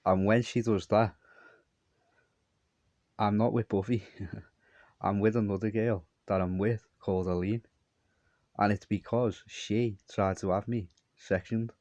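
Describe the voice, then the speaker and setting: A man's voice: lowish voice, fairly even intonation, slow pace, pauses often, darkish tone, no echo. A man telling a long, meandering story in a repetitive monologue. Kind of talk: rambling monologue.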